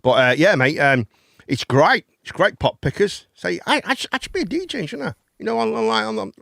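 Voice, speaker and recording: A man's voice: a little high, sing-song, brisk, creaky, fairly bright tone, no echo, clean studio sound. A man, hosting a live chat and phone-in show, rambling and swearing casually. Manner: rambling, chatty, swears casually, calls people mate.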